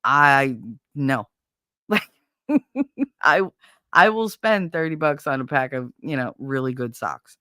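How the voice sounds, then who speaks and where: A woman's voice: rumbling low, slow pace, pauses often, sharp tone, clear, resonant tone, no room sound, clean studio sound. A middle-aged woman hosting a casual livestream, venting bluntly and profanely about her kids and household chores. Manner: blunt, profane, exasperated ranting. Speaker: livestream host.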